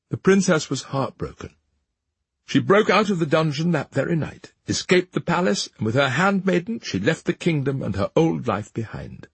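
A man reads a fairy tale aloud with expressive, dramatic timing. His voice is deeply husky and breathy, and it rises and falls animatedly. The sound is dry and close. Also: normal speed, no room sound. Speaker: narrator. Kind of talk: storybook narration.

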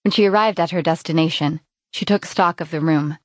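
A woman narrating an audiobook in an even, clear reading voice. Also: deep voice, a little fast, dry recording. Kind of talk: scripted narration.

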